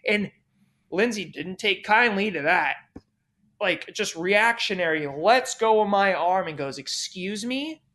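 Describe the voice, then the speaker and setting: A young man with a high voice, swearing freely as he rambles through a party story. He talks in an animated, unpolished way, full of asides and repeats. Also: unhurried. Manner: animated, profane, rambling anecdote-telling. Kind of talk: casual storytelling.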